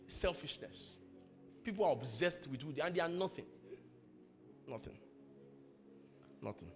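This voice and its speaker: A man preaching a sermon as pastor of a church, acting out people's quarrels in lively voices. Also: a little high. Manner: animated preacher acting out quarrels, laughing at his own stories.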